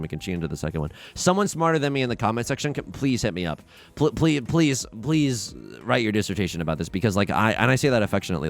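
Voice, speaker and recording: A young man talks through his own game with lively, jumpy pitch, dropping to low mutters and jumping up to loud outbursts. His tone is wry and self-mocking. Faint music plays under his voice. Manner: excitable, swings from muttering to shouting. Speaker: let's play host. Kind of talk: gameplay commentary.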